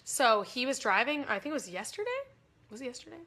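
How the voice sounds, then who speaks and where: A woman's voice: a little high, expressive, fast talker, pushed and bright. A young woman hosting a casual livestream, chatty and giggly, rambling through stories. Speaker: livestream host.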